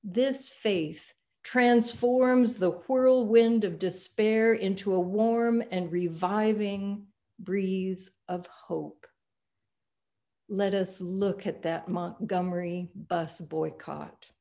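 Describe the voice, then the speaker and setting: A woman pastor giving a sermon, reading a passage aloud in a measured, expressive way. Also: medium pitch.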